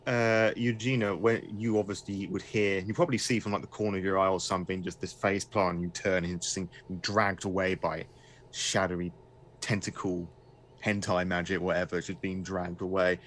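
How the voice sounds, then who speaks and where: Male game master, lowish voice, loose rambling narration. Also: flat delivery, normal speed, fairly bright tone, a little hiss or hum. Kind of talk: running a tabletop horror game.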